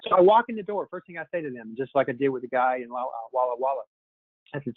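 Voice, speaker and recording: A man's voice: medium pitch, lively intonation, fast, dry recording. A man running a sales training session, coaching his listeners in an upbeat way and often calling them "guys". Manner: upbeat, coaching, keeps addressing the group as "guys". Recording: tinny phone line, dry.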